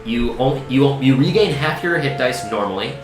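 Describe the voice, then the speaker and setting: A man's voice: mid-range voice, animated, moderate pace. A man acting as dungeon master, explaining the rules casually, with a few restarts. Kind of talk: running a tabletop game, casual. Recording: roomy echo with music.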